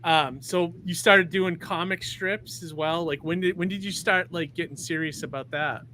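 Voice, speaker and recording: A man hosting a casual interview, chatty and quick to laugh. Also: on the high side, bright, forceful tone, slight background noise. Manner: laughs easily, loose and chatty. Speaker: podcast host.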